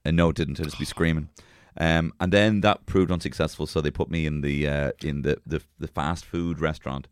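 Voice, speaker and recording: A young Irish man co-hosting a podcast, telling rambling comedic stories full of swearing and bursts of shouted impressions. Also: extremely low pitch, fairly even intonation, a little fast, few pauses, clear, resonant tone, dry recording, clean studio sound. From Ireland. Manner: rambling, swears freely, jumps into shouted character voices. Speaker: podcast co-host. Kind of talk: casual comedic chat.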